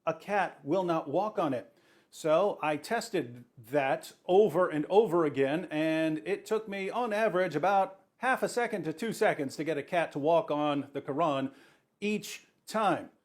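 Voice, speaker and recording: A man's voice: on the high side, measured pace. A man speaking in a clip played from another video, presenting in a wry, matter-of-fact way.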